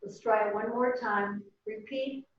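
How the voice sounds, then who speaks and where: A woman teaching a Spanish class over a video call, saying each word slowly and having the class repeat it after her. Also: a little high, steady tone, crowd noise. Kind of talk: slow, patient language drill. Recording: echoey, distant, dull and slightly noisy room audio.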